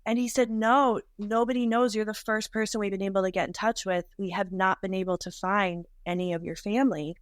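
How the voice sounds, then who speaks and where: A woman in her thirties, a podcast guest, tells a deeply emotional personal story haltingly, with many restarts. Her tone is steady and the recording has no echo.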